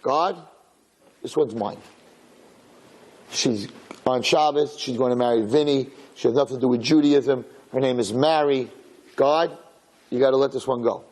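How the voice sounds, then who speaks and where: A man's voice: mid-range voice, moderate pace, long pauses, darkish tone, lightly acted. A man voicing a scheming male Satan pleading his case before God, insistent and urgent.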